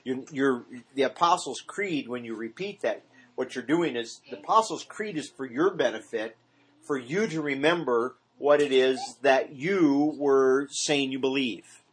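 A man teaches a small Bible study earnestly, speaking a little slowly in a husky, mid-range voice. He regularly asks the group questions and mimics repetitive prayer.

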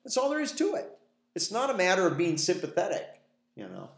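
A man's voice: high voice, wildly swooping pitch, a little fast, creaky. A man leading a conversational Bible study in a church meeting room, folksy in manner, posing rhetorical questions and acting out quoted dialogue for a small group. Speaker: Bible teacher. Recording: echoey room.

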